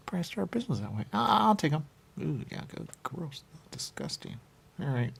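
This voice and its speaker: A man's voice: medium pitch, wildly swooping pitch, moderate pace, vocal fry, pauses often, breathy edge. A man hosting a talk show, rambling playfully with sing-song repetitions and riffs. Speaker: radio show host.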